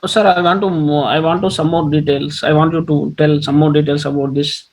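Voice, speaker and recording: A man asking questions on a webinar in a hesitant, halting and polite way. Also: on the high side, little pitch movement, rough recording. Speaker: webinar participant. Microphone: video call.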